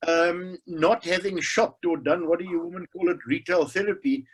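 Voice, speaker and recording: An older man speaks in a slightly high, husky voice. He tells his story wryly and without hurry. The sound is that of a video call from home. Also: rough recording. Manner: wry, unhurried storytelling. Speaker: webinar participant. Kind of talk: casual personal anecdote.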